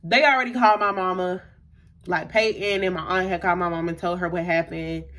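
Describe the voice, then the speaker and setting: A woman's voice: on the low side, fairly even intonation, a little fast, a bit bright. A young adult woman vlogger telling a personal story in a casual, chatty way, full of fillers, acting out what people said. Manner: chatty, lots of fillers, acts out quotes.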